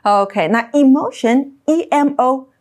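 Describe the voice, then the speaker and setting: A woman's voice: sits high, animated, slow pace, darkish tone. A woman from Taiwan co-hosting an English lesson, explaining vocabulary in Mandarin and spelling words out. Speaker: English teacher co-host. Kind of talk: bilingual radio English lesson.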